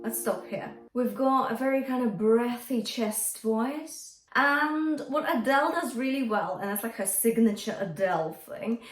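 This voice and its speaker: A woman singer and vocal coach teaching a song gently and encouragingly, and singing short lines to show each technique. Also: medium pitch. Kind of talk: singing lesson with sung demonstrations. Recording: echoey room with faint guitar music.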